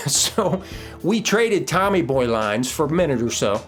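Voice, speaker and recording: A middle-aged man hosting a podcast, casually walking through a recipe and telling a story in a relaxed, folksy way with filler words. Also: mid-range voice, unhurried, soft background music. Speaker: podcast host.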